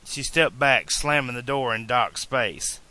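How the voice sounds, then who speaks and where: A man narrating a fan-made audiobook in a measured storytelling manner. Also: mid-range voice, sharp tone, no echo.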